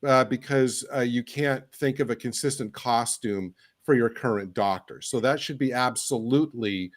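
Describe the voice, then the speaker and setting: A man co-hosting a podcast in casual discussion, opinionated and halting with frequent fillers. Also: medium pitch. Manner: opinionated, hesitant with many fillers. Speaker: podcast co-host.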